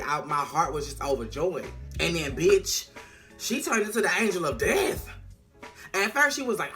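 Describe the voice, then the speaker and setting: A vlogger retelling a TV episode in casual chat, animated and full of slang and swearing. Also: medium pitch, normal speed, faint music behind. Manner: animated, profane, slang-heavy storytelling. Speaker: TV recap vlogger.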